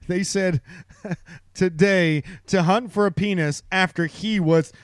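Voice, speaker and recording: A man with a fairly high, clean and smooth voice reads a news article aloud to a friend. He laughs often and stops to mock the clumsy writing. The recording is dry, with no room sound. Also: steady tone, takes it slowly, no room sound. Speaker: podcast co-host. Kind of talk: casual chat, reading a news story aloud.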